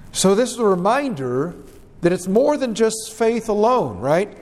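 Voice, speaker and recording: A man preaching an earnest, measured sermon and reading scripture aloud. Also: sits high, very animated, big-room sound.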